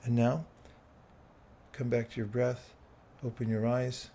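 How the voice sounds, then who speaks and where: A man teaching bhakti yoga, guiding a slow, soothing meditation. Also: medium pitch, level tone, gravelly, slight background noise. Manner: slow, soothing guidance with playful asides. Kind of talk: guided meditation with live chat. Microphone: streaming setup, own audio controls. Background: soft soothing music.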